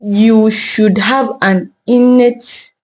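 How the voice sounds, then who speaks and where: A woman's voice: fairly high pitch, steady tone, drawn-out words, darkish tone. Woman telling a story animatedly. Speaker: co-host. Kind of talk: casual chat.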